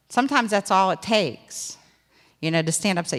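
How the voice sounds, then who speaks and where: A woman preaching a sermon in a lively, conversational way, acting out little dialogues as she goes. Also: medium pitch, normal speed, big-room sound.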